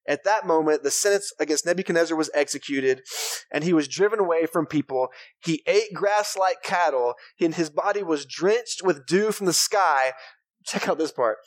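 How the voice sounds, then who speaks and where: A man's voice: a little high, lively intonation, normal speed. A man preaching a sermon in church, reading scripture aloud and breaking off into joking asides. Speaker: pastor.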